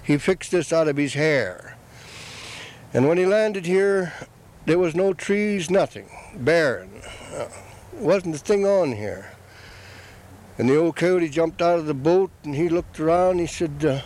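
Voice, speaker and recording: In poor audio, an older man with a fairly high, animated and slightly mellow voice tells a traditional story. He speaks plainly and without hurry, putting "he said" between the quoted lines.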